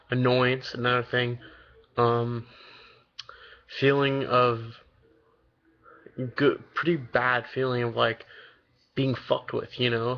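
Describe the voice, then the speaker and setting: A man's voice: mid-range voice, highs cut off. An eighteen-year-old man telling a long story in a casual vlog, rambling and swearing freely with lots of fillers. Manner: rambling, loose and profane, many fillers. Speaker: vlogger.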